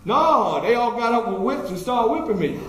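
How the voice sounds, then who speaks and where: In a very echoey library event room with faint ambience, a historical reenactor speaks as a historical figure in first person, recounting his life story folksily and quizzing the audience. His voice is extremely high, very animated, and moves at a moderate pace.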